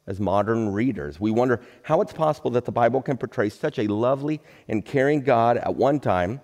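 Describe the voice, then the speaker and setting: A middle-aged man, a pastor, giving a recorded sermon in a relaxed, joking, conversational way. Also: medium pitch, big-room sound.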